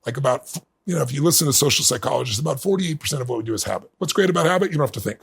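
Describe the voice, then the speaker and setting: Gravelly husky man telling his story. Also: medium pitch, racing. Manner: earnest, building to bursts of excitement. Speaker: guest. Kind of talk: storytelling interview talk.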